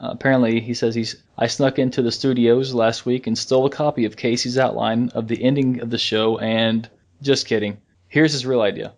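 A man co-hosting a casual fan podcast, rambling in a relaxed way, with restarts and chuckles. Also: mid-range voice, fairly quick. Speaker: podcast co-host.

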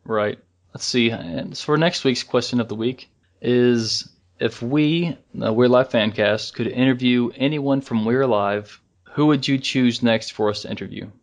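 A man's voice: mid-range voice, unhurried. Easygoing male podcast co-host. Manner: relaxed, rambling with restarts and chuckles. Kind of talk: casual fan podcast chat.

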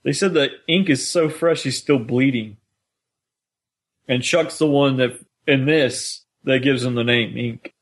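A man co-hosting a podcast, chatty and quick to laugh while discussing episodes. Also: mid-range voice. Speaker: podcast co-host. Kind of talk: casual chat.

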